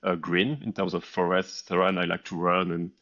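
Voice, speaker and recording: A man's voice: sits low, flat delivery, fast, fairly bright tone, muffled recording. A French man with a French accent, a startup founder as interview guest, talking in a modest, slightly hesitant way. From France. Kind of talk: casual interview chat.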